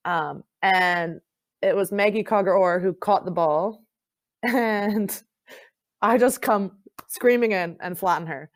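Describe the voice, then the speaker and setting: A young woman from Canada, a rugby player, telling stories in a casual chat, laughing often and filling pauses with "um" and "like.". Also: medium pitch, no room sound, low-quality recording. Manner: laughs often, lots of fillers.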